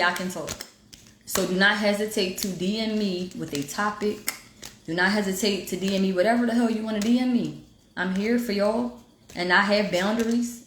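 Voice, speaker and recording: Her fairly low voice sounds reverberant as she hosts a casual livestream from her phone. Speaking with an African American Vernacular English accent, she gives spiritual motivation, preaching on self-healing directly and emphatically to her viewers.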